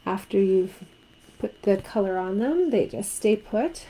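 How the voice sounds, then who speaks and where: A woman's voice: medium pitch, lively intonation, measured pace, dark tone, a little hiss or hum, poor audio. A woman from Canada teaching a card-making craft tutorial, chatting and asking viewers what they think. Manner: chatty, asks viewers questions.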